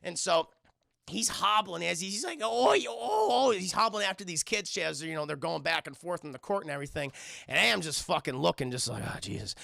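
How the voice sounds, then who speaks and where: Male streamer, rambling livestream commentary, swearing, gravelly voice, dry close sound. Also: a little high, fairly quick, bright, forceful tone, no echo. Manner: rambling, swearing, keeps addressing the chat. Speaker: streamer reviewing a film.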